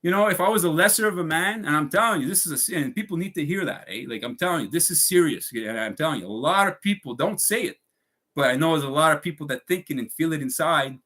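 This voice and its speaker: A man vents straight to his audience, his voice sitting a little high. He swears freely, circles back over the same points and calls out to the folks watching as his anger builds. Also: lively intonation, quick pace, sharp tone. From Canada. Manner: swearing, heated, repeats himself, addresses folks. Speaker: vlogger. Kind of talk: angry ranting monologue.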